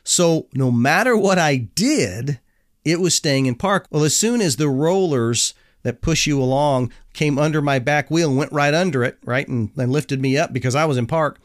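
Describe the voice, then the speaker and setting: Animated middle-aged man telling a story. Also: on the high side, normal speed, dry recording, clean studio sound. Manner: animated, self-deprecating, chuckling through the story. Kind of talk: casual personal anecdote.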